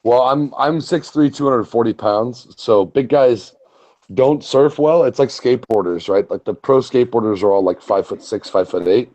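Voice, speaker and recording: A man telling stories in casual profane chat, animated and full of swearing. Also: mid-range voice, moderate pace. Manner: animated storyteller, swears a lot. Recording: muffled lo-fi audio.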